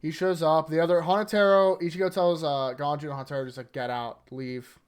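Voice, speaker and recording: Speaking fast in a smooth, slightly high voice, a man hosts an anime rewatch. He recaps episodes in a rambling, casual, filler-heavy way, retelling them with animation.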